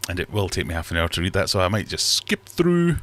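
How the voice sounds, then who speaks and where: A man's voice: sits low, very animated, quick pace, a bit bright. A man hosting a casual livestream from his fish room, rambling and self-deprecating as he reads chat aloud. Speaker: livestream host.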